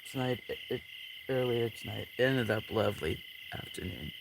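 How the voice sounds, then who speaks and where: A man hosting a late-night livestream outdoors, chatting with viewers in a sleepy, relaxed way and yawning often. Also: lowish voice, moderate pace, vocal fry. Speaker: livestream host. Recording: outdoor night ambience with insect noise. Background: crickets, frogs and insects.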